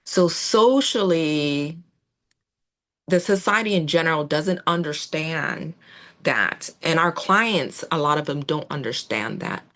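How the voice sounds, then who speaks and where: A woman giving a gentle, reassuring training talk to veterinary staff, with fillers and restarts. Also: low-pitched, lively intonation, takes it slowly. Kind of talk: instructional talk on client communication.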